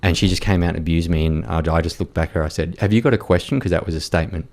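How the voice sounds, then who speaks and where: A man's voice: deep voice, very fast, darkish tone. A man, a podcast guest, telling a story in a blunt, rambling way with fillers and swearing. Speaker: podcast guest, war reporter. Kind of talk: casual storytelling chat.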